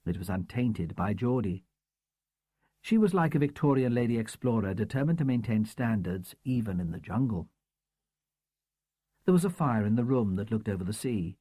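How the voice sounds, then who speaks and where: Low husky guy reading a crime audiobook, lively delivery, dry close mic. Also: no echo. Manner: measured, expressive storytelling. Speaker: audiobook narrator. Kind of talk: scripted narration.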